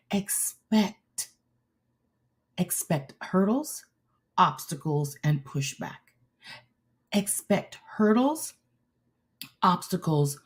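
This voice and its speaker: A woman's voice: fairly low pitch, darkish tone. A woman preaching a sermon as a show host, emphatic and repetitive as she urges on her listeners.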